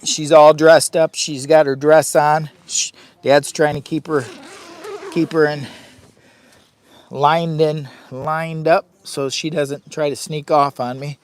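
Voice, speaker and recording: A chatty man hosts a casual live stream outdoors beside his tent on a windy campsite. His voice sits a little high for a man, and he talks straight to the viewers. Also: level tone, slow.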